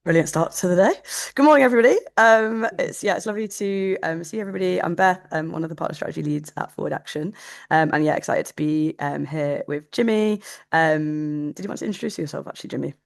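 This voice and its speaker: A woman greets a webinar audience over a video call, eager and full of fillers. She talks quickly in a low voice with a gravelly edge. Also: steady tone. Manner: bright, enthusiastic, with fillers. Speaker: partner strategy lead. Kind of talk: webinar introduction.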